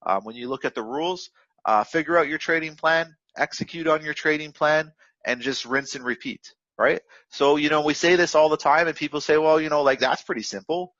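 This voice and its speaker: A man's voice: on the high side, fairly quick, a bit bright, no room sound, muffled recording. A man giving an unscripted, direct coaching talk on trading discipline, full of fillers and restarts. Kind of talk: unscripted motivational lesson.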